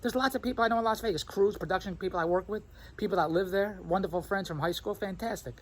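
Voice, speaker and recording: A man in a rambling, animated vlog monologue who keeps imitating other people's voices as he tells his stories. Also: high-pitched, quick pace, rough recording. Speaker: vlogger. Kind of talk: rambling self-recorded monologue.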